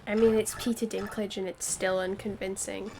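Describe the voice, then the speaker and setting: A woman's voice: medium pitch, level tone, moderate pace, gravelly, darkish tone, slight background noise. A woman co-hosting a game stream, chatting casually in a rambling way with lots of fillers. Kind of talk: casual chat over a game.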